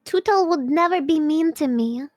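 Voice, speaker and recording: A woman's voice: sits high, no room sound, clean studio sound. A woman, chatting playfully on a stream and often drawing words out into whines and hums. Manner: playful, drawn-out whining and humming. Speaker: guest streamer. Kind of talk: casual stream chat.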